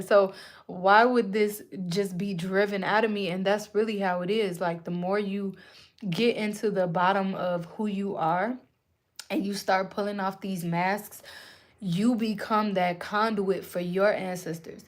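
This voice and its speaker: A young woman giving a live channeled spiritual reading to her viewers, speaking in a casual, slangy, animated way. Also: medium pitch, measured pace. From Puerto Rican and Native American roots. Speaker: spiritual reader. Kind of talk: live-streamed channeled message.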